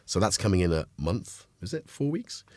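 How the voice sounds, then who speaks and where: Man, North Welsh accent, middle-aged, has a cold, casual stream chat, lower voice, dry mic. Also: very animated, moderate pace, darkish tone, dry recording. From North Wales. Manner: chatty, greets viewers, jokey asides. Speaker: livestream host.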